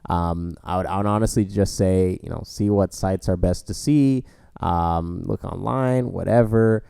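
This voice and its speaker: A man's voice: deep voice, vocal fry, mellow, clear, resonant tone, no echo. A young man co-hosting a podcast, telling stories in a rambling casual way with many fillers. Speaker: podcast co-host. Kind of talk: casual storytelling chat.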